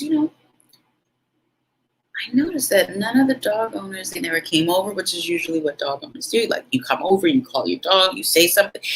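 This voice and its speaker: A woman's voice: medium pitch, pushed and bright, slight background noise, rough recording. A woman hosting her own vlog, telling a story in an emphatic, dramatic way and acting out what people said. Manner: dramatic, emphatic, acts out quotes. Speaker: vlog host.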